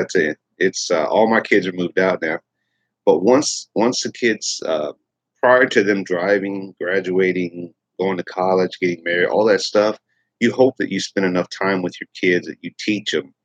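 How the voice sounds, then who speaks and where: A man's voice: sits low, normal speed, no echo, low-quality recording. A middle-aged man from Texas hosting a casual morning livestream, rambling with many fillers and restarts. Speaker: livestream host.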